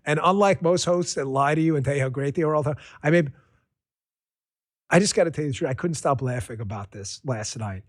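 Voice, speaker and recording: A man with a high voice hosts a political commentary podcast from a studio mic. His delivery is sarcastic and excitable, a rant that keeps tipping into laughter. The sound is dry and close, with no room in it. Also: brisk, dry recording. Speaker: podcast host.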